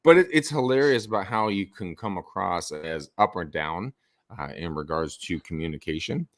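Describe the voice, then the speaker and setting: A man giving sales advice as a podcast guest, animated and swinging his voice up and down for emphasis. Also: low-pitched, normal speed, dry recording. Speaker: real estate sales coach.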